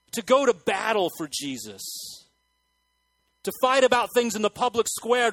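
A man with a fairly high voice preaches to his congregation, swinging between hushed, earnest asides and sudden loud bursts. The sound is dry and close, with little room echo. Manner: animated preaching with sudden loud acted outbursts and quiet asides. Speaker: pastor. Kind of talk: sermon. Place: church hall with congregation.

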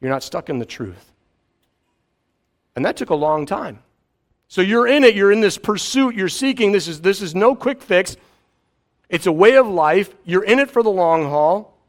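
A middle-aged man, preaching a sermon in a conversational way with quiet asides. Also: high voice, lively intonation, normal speed. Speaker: pastor.

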